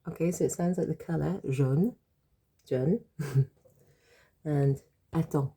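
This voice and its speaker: A woman with a sore throat talks a class through French jokes, repeating each word with patient care. Her voice sits low and dark, rough with fry and a husky edge. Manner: patient, repeats and spells out words slowly. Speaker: French teacher. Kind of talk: explaining French jokes in a language lesson.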